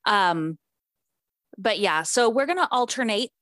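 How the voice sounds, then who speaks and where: A woman's voice: mid-range voice, lively intonation, a little slow, fairly bright tone, dry recording. A woman co-hosting a casual podcast, talking chattily with lots of ums and likes. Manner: chatty, uses fillers like um and like. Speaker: podcast co-host. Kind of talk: casual chat.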